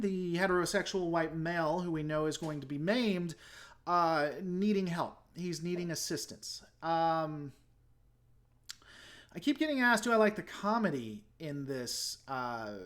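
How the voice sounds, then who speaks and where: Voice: medium pitch, expressive, normal speed, a bit bright. Rambling, critical reaction host. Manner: rambling and critical, often restarting sentences; frank and opinionated. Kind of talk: casual reaction commentary, answering viewer comments.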